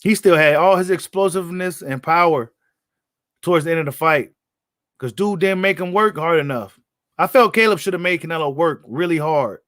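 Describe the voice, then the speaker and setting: A man's voice: a little high, normal speed, a bit bright, dry recording, clean studio sound. A man hosting a casual live stream about boxing, talking in a blunt, slangy way and often repeating his points. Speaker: boxing commentator host.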